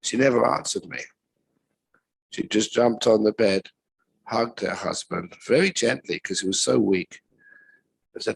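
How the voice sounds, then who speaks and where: A man, a Buddhist monk teacher, giving a retreat talk with gentle, unhurried storytelling and pauses. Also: lowish voice, vocal fry, rough recording.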